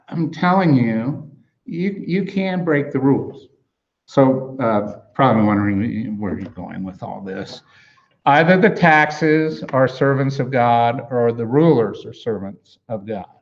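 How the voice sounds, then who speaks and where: A pastor with a medium-pitched voice preaches an expository sermon conversationally. He explains grammar with frequent fillers and restarts. The recording sounds muffled.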